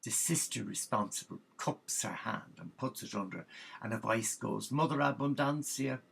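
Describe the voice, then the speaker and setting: A man telling a comic story in a gossipy, animated way. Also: on the low side, normal speed, creaky, husky, poor audio.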